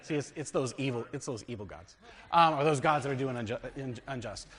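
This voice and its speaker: An American man preaching a teaching sermon in a church hall with a long reverb tail. His pitch moves a lot, up and down, as he reads scripture and poses fill-in questions to the room. He jumps from booming to soft from one phrase to the next. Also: lively intonation, a little fast, crowd noise. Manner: asks the congregation fill-in questions, dramatic swings in loudness. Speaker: pastor.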